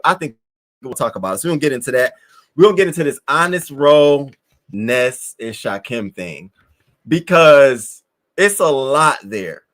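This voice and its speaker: A man's voice: on the high side, a bit bright. A young man hosting a casual live stream, talking brashly and with plenty of cursing straight to his chat. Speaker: livestream host.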